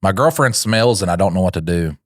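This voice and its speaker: A man's voice: deep voice, expressive, fairly quick, no room sound, studio quality. A young adult man co-hosting a comedy podcast, rambling crudely and acting out silly voices. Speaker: podcast co-host. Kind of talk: comedic reaction chat.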